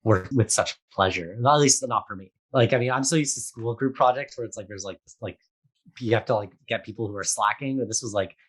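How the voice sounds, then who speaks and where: A man's voice: on the low side, a little fast, fairly bright tone, breathy edge. Rambling young man, full of fillers. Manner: rambling, many fillers, laughing. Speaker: theatre maker guest. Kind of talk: casual interview chat.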